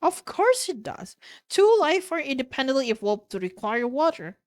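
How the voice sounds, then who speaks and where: A woman's voice: high-pitched, very animated, moderate pace, pitched above the performer's own voice. A woman voicing a condescending, dismissive female scientist while reading a novel aloud. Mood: scornful.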